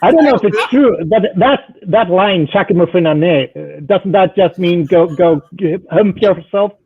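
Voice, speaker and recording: Man, husky high voice, animated, guest, dull lo-fi sound. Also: normal speed. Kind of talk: casual chat.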